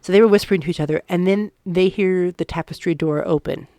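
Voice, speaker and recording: A woman's voice: on the low side, quick pace, dark tone, no echo, clean studio sound. A woman co-hosting a ghost story podcast, telling a haunting tale in a casual, earnest way. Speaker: podcast co-host.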